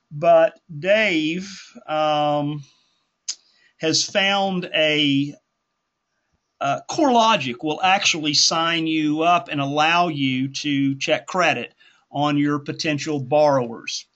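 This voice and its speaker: Over dull, lo-fi call audio, an instructor leads a group teaching call in a folksy, conversational style, rambling and fixing his own words as he goes. He's a man with a slightly high, fairly bright voice.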